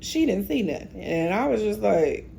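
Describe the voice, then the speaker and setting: A woman's voice: mid-range voice, big pitch swings, normal speed, vocal fry, mellow, a little hiss or hum. A woman recapping a TV episode in a casual, opinionated way, often talking straight to the characters. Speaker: TV recap host.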